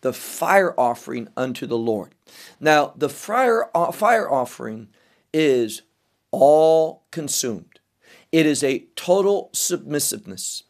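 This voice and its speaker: A man's voice: fairly high pitch, lively intonation, slow pace. A man teaching scripture verse by verse, reading each verse aloud and explaining the Hebrew words. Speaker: Bible teacher.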